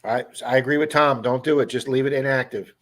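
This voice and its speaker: A man's voice: medium pitch, fairly even intonation, fast talker. A man with a Baltimore accent hosting a casual livestream, chatting and answering viewers' comments by name. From Baltimore area, USA. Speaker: livestream host.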